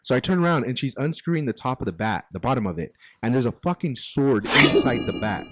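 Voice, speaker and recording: A man casually telling a profane road-trip anecdote as podcast host, animated and full of quoted exchanges. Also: mid-range voice, a little fast, very noisy. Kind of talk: casual storytelling.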